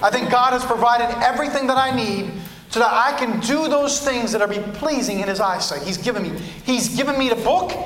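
High, bright-voiced preacher man. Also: a little fast. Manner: emphatic, repetitive preaching cadence. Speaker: pastor. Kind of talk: sermon. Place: church. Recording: echoey church room.

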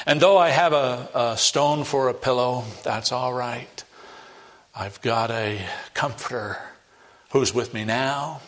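A man preaching a sermon in a folksy, emphatic way, his voice jumping high on key words. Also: a bit bright. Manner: folksy, uses many fillers and asides.

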